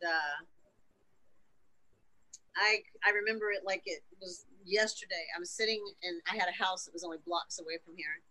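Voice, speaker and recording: A woman's voice: lowish voice, pushed and bright, rough recording. A woman guest in an interview, recounting a personal story frankly, emotionally and with plenty of swearing. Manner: frank and profane, emotional retelling.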